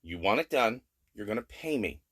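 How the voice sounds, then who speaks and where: A middle-aged man giving a casual daily video update from home, blunt and plain-spoken, with animated rants. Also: lowish voice, moderate pace. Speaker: vlogger.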